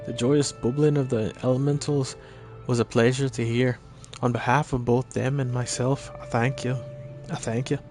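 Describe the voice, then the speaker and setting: A man's voice: mid-range voice, flat delivery, normal speed, a little mellow, soft background music, natural voice. A man voicing a stately male elf conjurer in a put-on mix of Scottish and Irish accents, speaking in a solemn, formal way. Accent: mixed Scottish-Irish put-on. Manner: solemn, formal old-fashioned speech. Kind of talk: voicing game dialogue on stream.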